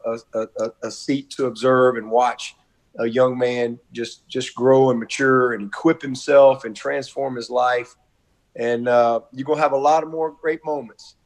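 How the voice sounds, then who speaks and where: Middle-aged man, college coach type, folksy and effusive, video-call audio. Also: mid-range voice. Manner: warm, effusive, repetitive, folksy. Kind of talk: heartfelt video-call tribute.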